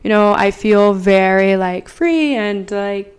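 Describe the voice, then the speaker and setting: A woman's voice: mid-range voice, slow pace, smooth. A young woman co-hosting a podcast, telling a story in casual chat, rambling and swearing freely. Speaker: podcast co-host.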